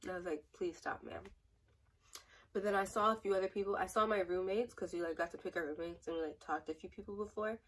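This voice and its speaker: A woman's voice: on the low side, steady tone, very fast, hardly any pauses, distant mic, low-quality recording. A young woman in a casual storytime vlog, rambling and chatty with many fillers. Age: young adult. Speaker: vlogger.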